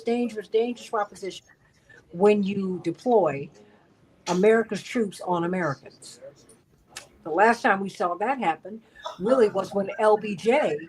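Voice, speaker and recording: A woman's voice: mid-range voice, poor audio. A woman hosting a live-streamed talk show, greeting viewers by name and asking guests for their views. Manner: greets viewers by name, asks for likes and shares.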